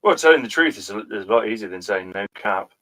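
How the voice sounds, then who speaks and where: A man's voice: on the low side, lively intonation, fast talker, bright, forceful tone. A man co-hosting a comedy show, bantering casually with hesitant ums. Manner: hesitant, full of ums, laughs easily.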